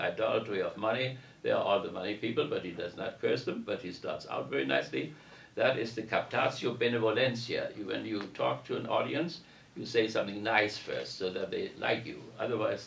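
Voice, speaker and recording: A man's voice: on the low side, creaky, fairly bright tone, a little hiss or hum. A man giving a university lecture in a parish hall, reading passages aloud and then discussing them at length. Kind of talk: academic lecture to an audience. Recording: roomy echo from a distance.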